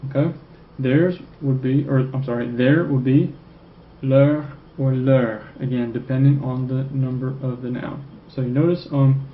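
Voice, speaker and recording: Male French teacher, mid-pitched voice, tags "okay?" after every point, dull lo-fi recording. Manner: checks in with "okay?" constantly, repeats French phrases slowly. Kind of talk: recorded classroom lecture. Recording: echoey room, dull lo-fi sound, faint noise.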